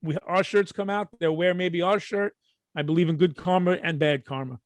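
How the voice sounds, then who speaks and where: A middle-aged man with a Brooklyn accent, co-hosting a podcast and telling stories in a casual, profane, animated way. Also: high-pitched, normal speed, dry recording. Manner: animated, profane, acts out quotes. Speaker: podcast co-host. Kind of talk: casual storytelling.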